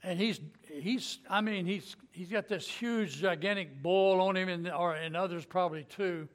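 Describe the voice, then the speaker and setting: A man's voice: high voice, normal speed. A man teaching a Bible story in a folksy, conversational way, acting out the quotes and chuckling as he goes. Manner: folksy, animated retelling with acted quotes and chuckles.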